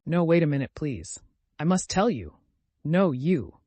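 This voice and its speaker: A man's voice: fairly high pitch, big pitch swings, a little slow, mellow, no room sound. A man voicing an anxious young noblewoman who speaks in an urgent, hasty, pleading way. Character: anxious, flushed young noblewoman, excited and earnest.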